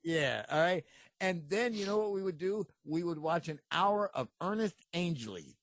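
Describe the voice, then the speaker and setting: Man, podcast co-host. Animated storyteller who laughs a lot, slightly high voice, dry close sound. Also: moderate pace, no room sound. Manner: animated, laughs often, breaks into impressions. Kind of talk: casual storytelling chat.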